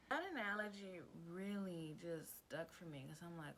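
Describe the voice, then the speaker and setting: Chatty woman vlogger with a low voice. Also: moderate pace, few pauses, a bit bright, a little hiss or hum, poor audio. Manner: chatty and emphatic, calls the viewer girl and babe; glances down at written notes. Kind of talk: casual advice talk to camera.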